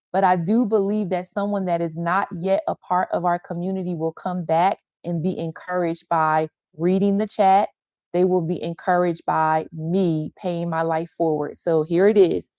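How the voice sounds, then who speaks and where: Soft-spoken older woman pastor, intimate. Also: on the low side, steady tone, a little slow, no echo, clean studio sound. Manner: tender and confessional, repeating phrases for emphasis. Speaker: pastor and women's ministry leader. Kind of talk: heartfelt devotional teaching on a livestream.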